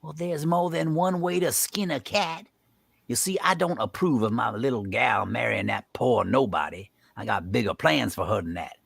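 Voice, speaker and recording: A man reading the part of a loud, bossy older judge with folksy country talk in a live script reading. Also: medium pitch, normal speed, vocal fry, slightly rough, dry recording. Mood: scheming. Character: blustering folksy rich older male judge.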